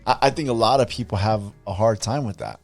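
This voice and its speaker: A male podcast host talks casually in a somewhat low voice. He often stumbles and repeats words as he starts a thought. Faint music plays underneath. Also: quick pace. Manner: relaxed, stammering restarts. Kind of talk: casual interview chat.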